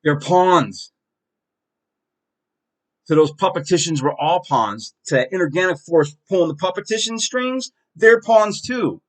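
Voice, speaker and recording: A man's voice: on the high side, lively intonation, a little slow, long pauses. Profane, ranting male podcast host. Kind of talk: heated solo monologue.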